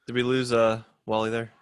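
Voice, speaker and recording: A man co-hosting a casual podcast chat, laid-back and quick to laugh. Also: mid-range voice, monotone, clear, resonant tone, dry recording. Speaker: podcast co-host.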